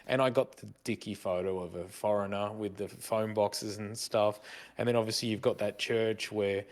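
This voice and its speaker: A man's voice: lowish voice, fairly even intonation, moderate pace. A middle-aged man co-hosting a casual podcast chat, rambling fondly through old memories. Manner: fond, rambling reminiscing. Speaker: podcast co-host.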